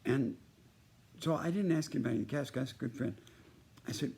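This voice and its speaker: Gravelly older man spinning a rambling yarn. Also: mid-range voice, fast talker, a little mellow, a little hiss or hum. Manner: rambling, jumps from story to story. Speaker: performer sending a birthday message. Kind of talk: casual anecdote told to one listener.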